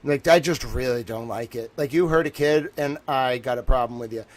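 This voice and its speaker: A man rants casually on a stream at a fairly quick pace, lurching from low mutters to near-shouts and frequently bursting out laughing.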